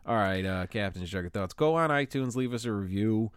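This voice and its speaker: Young dude podcast host, cussing and laughing, lowish voice, dry room. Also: male voice, expressive, brisk, clear, resonant tone, no room sound. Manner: loose and profane, laughs often. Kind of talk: casual chat.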